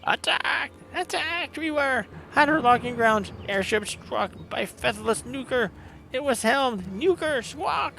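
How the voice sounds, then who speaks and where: A man's voice: very high-pitched, measured pace, vocal fry, slight background noise, pitched above the performer's own voice, heavily acted. A man voicing a proud, fierce bird-man warrior who squawks and speaks in broken word order. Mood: alarmed. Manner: excited, clipped.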